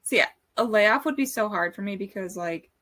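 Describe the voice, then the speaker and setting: A woman's voice: medium pitch, lively intonation, normal speed, a bit bright. A woman guest on a podcast, chatting casually and self-consciously with many fillers. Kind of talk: casual chat.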